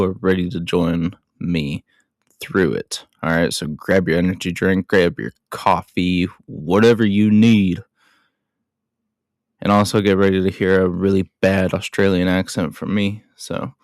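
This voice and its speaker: A man's voice: fairly low pitch, dry recording, studio quality. A young adult man hosting a show, chatting through a movie recap in a rambling way with casual swearing. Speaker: podcast host.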